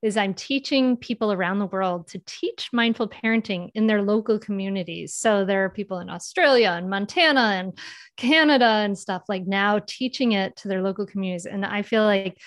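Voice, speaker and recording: A woman speaking as a guest in a casual podcast interview, earnest and reflective, often pausing to find her words. Her voice sits at an ordinary pitch. The recording is dry, with no room sound. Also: no echo. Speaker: podcast guest, mindful parenting author.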